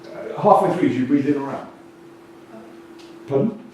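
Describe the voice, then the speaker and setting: A man giving a lively, jokey, blunt conference talk on communication, bursting out loudly now and then. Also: medium pitch, normal speed. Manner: animated, jokey and blunt, with sudden loud bursts. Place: large conference hall. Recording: distant echoey hall recording with faint noise.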